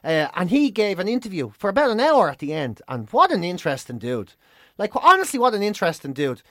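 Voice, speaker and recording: A man with a Dublin accent, co-hosting a podcast, chatting casually and telling animated stories with plenty of swearing. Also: high voice, brisk, no echo, clean studio sound. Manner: animated storyteller, swears freely. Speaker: podcast co-host. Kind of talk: casual chat.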